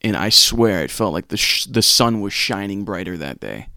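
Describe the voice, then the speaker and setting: A man's voice: lowish voice, animated, moderate pace, gravelly, bright, forceful tone, far from the mic. A young man from Massachusetts telling a story in casual chat, rambling and self-mocking, with many ums and restarts.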